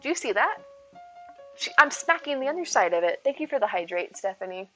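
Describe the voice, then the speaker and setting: A woman's voice: fairly high pitch, very animated, fairly quick, pushed and bright, soft background music. A woman streaming live and chatting with viewers, playful and silly, full of jokes and puns.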